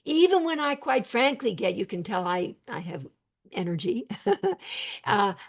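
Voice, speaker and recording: An older woman with a gravelly, husky voice explains her therapy work in an animated, emphatic way over a video call. Her speech carries some vocal fry and a breathy edge, and she often breaks off into quick asides. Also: mid-range voice. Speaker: psychiatrist and psychotherapist. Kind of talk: conversational video call interview.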